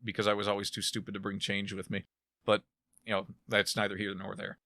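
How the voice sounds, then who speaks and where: A man's voice: fairly low pitch, monotone, quick pace, sharp tone, no echo, clean studio sound. A man co-hosting a casual podcast, retelling a book's plot in a rambling way with many restarts. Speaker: podcast co-host. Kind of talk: casual chat.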